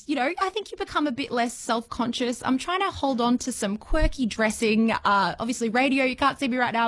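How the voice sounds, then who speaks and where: Australian woman news presenter, higher voice. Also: dry recording. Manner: clear, friendly explainer with filler words. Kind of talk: radio news chat.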